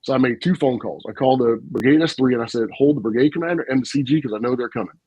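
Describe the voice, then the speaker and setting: A man, a retired army officer, telling stories in an animated, folksy way on a casual podcast. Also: medium pitch, very fast, breathy edge, dry recording, poor audio. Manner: animated, folksy storyteller with frequent asides and laughs.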